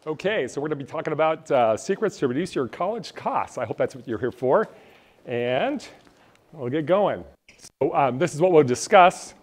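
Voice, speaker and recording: A man's voice: fairly high pitch, lively intonation, normal speed, a little hiss or hum. A man giving a live workshop on college costs into a mic in a room with an audience. He talks casually, rambles a bit and jokes with the crowd. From Phoenix, Arizona. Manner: jokey, rambling, chats with the audience. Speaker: college financial aid presenter. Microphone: handheld or stand mic.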